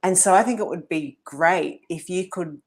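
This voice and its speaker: A woman's voice: fairly low pitch, normal speed, darkish tone. A woman hosting a podcast, asking long, earnest questions with many restarts. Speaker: podcast host. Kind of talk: conversational podcast interview.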